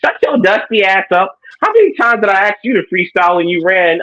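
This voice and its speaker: A man with a high voice delivers brash, taunting freestyle battle raps. The audio is dull and lo-fi, like a compressed live stream. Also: animated, brisk, hardly any pauses. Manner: brash, taunting, trash-talking. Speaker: battle rapper. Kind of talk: freestyle battle rap and post-battle talk.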